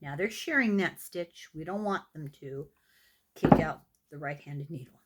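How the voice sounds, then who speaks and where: An older Irish woman teaching knitting at an unhurried, deliberate pace, her voice rising and falling in a lively, sing-song way. She talks the viewer through each step patiently, with a gentle, self-deprecating warmth. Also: deep voice, heavy background noise. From Ireland. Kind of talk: step-by-step craft tutorial.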